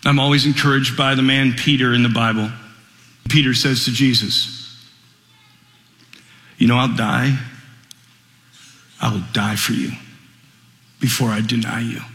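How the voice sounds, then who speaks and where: Guy preaching on radio, bright voice, tells the story big and gets loud, echoey hall sound. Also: mid-range voice, steady tone, measured pace, pauses often. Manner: dramatic storytelling, rising to impassioned near-shouting. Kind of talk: sermon.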